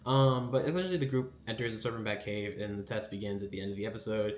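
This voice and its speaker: A man's voice: lowish voice, fairly even intonation, fast, reverberant, a little hiss or hum. A man hosting a casual anime recap, rambling with lots of fillers and acting out quotes.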